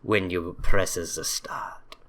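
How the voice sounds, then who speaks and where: A man's voice: sits low, fairly even intonation, slow pace, fairly bright tone. A man hosting a let's play, reading the game text aloud and adding joking, sarcastic asides, often flustered by the menus.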